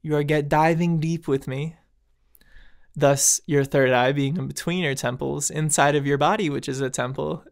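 Solo podcast host, man, smooth clear voice, earnest and slangy, chuckles between thoughts. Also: on the high side, steady tone, moderate pace. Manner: earnest, laughs often, slangy asides to listeners. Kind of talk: casual spiritual monologue.

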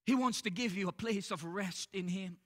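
Very high-voiced male preacher. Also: normal speed. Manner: earnest preaching, frequent "uh" between phrases. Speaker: pastor. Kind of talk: church sermon. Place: church sanctuary during service.

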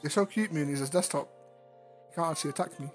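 Brief: quick-talking, fairly high-voiced British man, crude and teasing, with music underneath. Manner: teasing, crude, laughs a lot. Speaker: streamer. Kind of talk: casual chat with friends.

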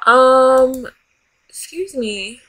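Woman gamer host, high and bright, unhurried let's-play commentary, dramatic and bossy toward the characters. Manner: dramatic, bossing and scolding the game characters. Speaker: gaming channel host. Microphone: desk USB microphone.

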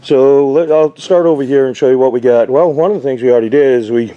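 A man's voice: mid-range voice, fast talker, smooth, muffled recording. A man giving a casual, rambling job-site walkthrough of an RV roof repair, with lots of fillers. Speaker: RV roof installer.

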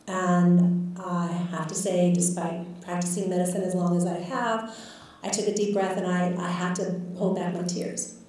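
A physician guest speaker with a medium-pitched, dark voice tells a story about one of her patients during a lecture. She speaks openly and thoughtfully, full of filler words, and the microphone picks her up from afar in an echoing lecture hall.

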